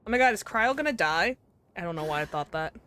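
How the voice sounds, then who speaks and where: A woman's voice: on the low side, animated, fast, fairly bright tone, clear, resonant tone. A young adult woman chatting casually and teasing her chat while playing a game live, laughing often. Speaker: gaming streamer.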